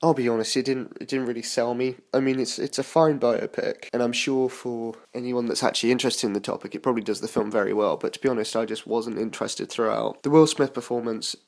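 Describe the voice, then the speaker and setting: A man's voice: mid-range voice, fairly even intonation, fast talker, vocal fry, few pauses, a little mellow. A young man from the United Kingdom giving a casual spoken film review, rambling with frequent fillers and restarts.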